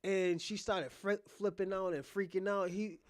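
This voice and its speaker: High-voiced man rambling through a story. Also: steady tone, normal speed, dry recording. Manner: rambling, profane retelling with many fillers and restarts. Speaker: podcast host. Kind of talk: casual storytelling monologue.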